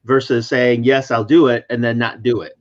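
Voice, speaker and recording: A man's voice: medium pitch, flat delivery, normal speed, a little mellow. A man hosting a casual chat, summarizing and clarifying points in a teacherly way. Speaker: host. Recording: slightly dull lo-fi audio.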